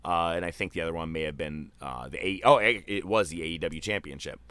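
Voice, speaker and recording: A man telling a long story in casual podcast chat, loose and animated, with swearing and filler words. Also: deep voice, quick pace, smooth, dry recording.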